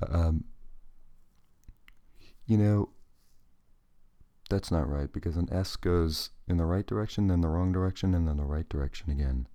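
A man's voice: low-pitched, normal speed, long pauses, mellow, dry recording. A man hosting a podcast alone, rambling from one thought to the next with a self-deprecating, digressive manner. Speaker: podcast host. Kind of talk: casual solo podcast monologue.

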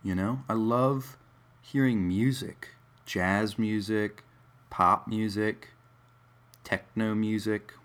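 A man's voice: lowish voice, fairly even intonation, takes it slowly, a bit bright. A man musing in a casual, rambling monologue, wry and digressive, with many fillers.

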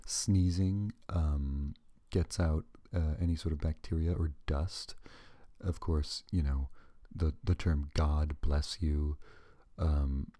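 A man's voice: very deep voice, fairly even intonation, slow, mellow, no echo. A man talking casually to the camera in a rambling, digressive way, with joking asides and frequent self-corrections. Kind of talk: casual monologue.

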